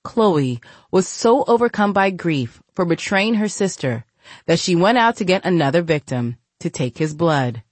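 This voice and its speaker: A woman's voice: on the low side, measured pace, no room sound. A woman narrating a gritty novel as an audiobook, reading expressively. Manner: expressive, voices each character. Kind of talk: scripted narration.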